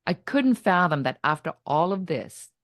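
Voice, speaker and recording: A middle-aged woman speaks in a low, dry-sounding voice as a podcast guest. She tells her story dramatically and voices her own past thoughts as if reliving them. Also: sing-song, moderate pace, a bit bright, no echo. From Germany. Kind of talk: personal story told in conversation.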